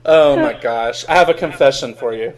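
A man's voice: mid-range voice, normal speed. A man from Virginia hosting a podcast, telling stories in a casual chat and laughing often. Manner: animated storytelling, laughs often. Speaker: podcast host.

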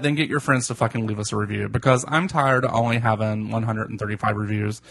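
A man co-hosting a podcast in casual chat, gossipy and quick to laugh. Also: medium pitch, vocal fry, fairly bright tone. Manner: chatty, gossipy, laughs often. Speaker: podcast co-host.

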